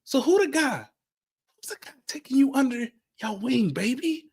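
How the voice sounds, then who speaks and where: An American man talks football on a podcast with a lively, swooping delivery, leaning into repeated lines and quick impressions of players. His talk is loose and conversational, full of asides to the audience. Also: extremely high pitch. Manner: animated, repeats phrases, imitates players with quotes. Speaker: sports reporter and podcast co-host. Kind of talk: casual sports podcast chat.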